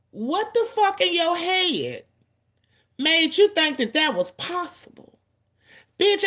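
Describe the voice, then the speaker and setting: A woman in her forties hosting a livestream, venting to her chat in a blunt, profane, rapid-fire way and stretching out the lines she wants to stress. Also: mid-range voice, a bit bright. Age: 40s. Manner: drawn-out emphatic lines. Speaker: livestream host. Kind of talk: casual ranting to chat.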